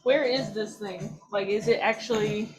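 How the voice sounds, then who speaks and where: A woman's voice: mid-range voice, moderate pace, soft background music, rough recording. A woman playing a tabletop game, casual and joking as she describes her character's moves. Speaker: player.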